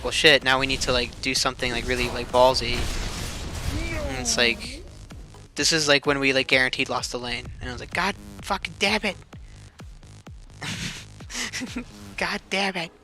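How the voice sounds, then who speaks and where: With a medium-pitched voice that sounds pushed and bright, this young streamer chats casually over a replay of his team's match. He swears constantly, leans heavily on "like," and keeps breaking into laughter.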